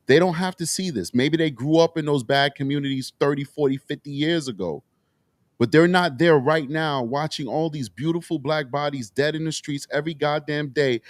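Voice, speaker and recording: A man's voice: medium pitch, no echo. A man hosting a political talk show, speaking with raw emotion and frequent swearing. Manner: impassioned, emotional, profane. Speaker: show host.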